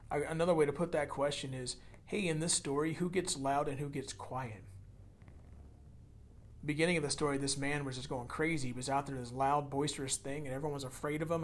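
A man preaching a sermon, swinging from loud emphasis to hushed near-whispers and repeating words as he builds a point. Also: medium pitch, a little hiss or hum. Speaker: pastor.

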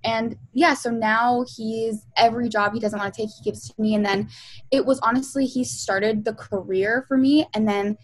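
A woman's voice: a little high, fairly even intonation, moderate pace, low-quality recording. Chatty young woman telling stories. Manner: chatty storyteller, many fillers, acts out quotes. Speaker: guest, music video producer. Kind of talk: casual interview chat.

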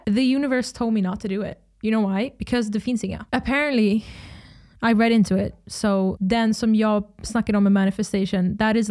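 Casting: hoarse young Swedish woman, casual host chat, salty and animated. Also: a little high. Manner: switches between English and Swedish, swears often, animated outbursts. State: hoarse from screaming. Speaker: podcast host.

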